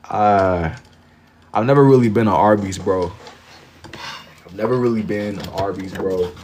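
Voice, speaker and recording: A man's voice: lowish voice, moderate pace, darkish tone, slight background noise. A young man chatting casually with his live-stream chat while he draws, laid-back and slangy, often repeating a phrase while he thinks. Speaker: livestreamer drawing for chat.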